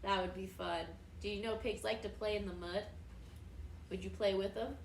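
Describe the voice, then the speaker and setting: A young adult woman teaching a recorded preschool lesson, speaking in a slow, sing-song, encouraging way to toddlers. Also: mid-range voice, steady tone, creaky, echoey room, slight background noise.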